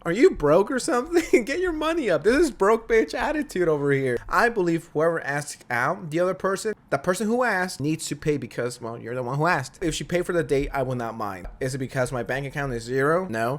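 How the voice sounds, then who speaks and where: A man's voice: mid-range voice, a bit bright. A young man hosting a reaction video, talking casually in a blunt, mocking, profane way. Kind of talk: casual commentary.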